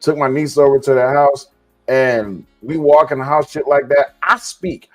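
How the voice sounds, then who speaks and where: A man's voice: medium pitch, normal speed, soft background music. A man telling stories in a casual podcast chat, swearing freely and acting out what people said. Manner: animated, profane storyteller who acts out quotes.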